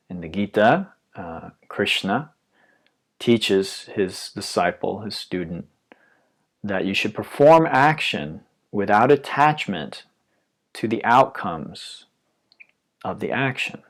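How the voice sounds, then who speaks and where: A man giving a calm, reflective dharma talk as a yoga teacher, his phrases often trailing off softly. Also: lowish voice.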